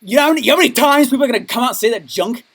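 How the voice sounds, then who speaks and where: High-energy male motivational coach. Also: animated, rapid-fire, a bit bright. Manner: high-energy, emphatic, keeps asking "okay?". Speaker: business coach. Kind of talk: motivational training talk.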